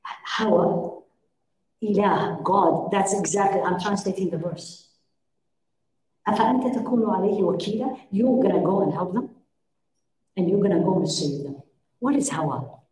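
A woman's voice: medium pitch, lively intonation, normal speed, long pauses, a little mellow, slight background noise. A middle-aged woman giving a lecture to a women's class, questioning her listeners and acting out little dialogues. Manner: engaging, questions the audience, acts out dialogues. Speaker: religious teacher. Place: room with a live audience. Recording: echoey room.

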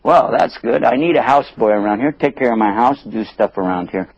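A man's voice: mid-range voice, expressive, fairly quick, dull audio. A man doing a wary, matter-of-fact master. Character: wary grown male master buying a slave.

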